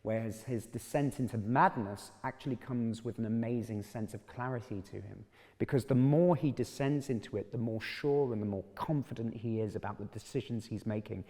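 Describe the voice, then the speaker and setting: A man's voice: fairly low pitch, a little mellow. A British man actor explaining the language of a play with enthusiasm. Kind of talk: discussing a play. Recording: roomy hall reverb.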